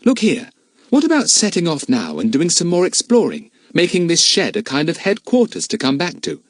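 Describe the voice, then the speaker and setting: Cheery animal-mad kid, man doing the voice, a bit higher, swings up and down a lot. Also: wildly swooping pitch, normal speed, no echo, clean studio sound, heavily acted. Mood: keen. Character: cheerful, animal-loving young boy.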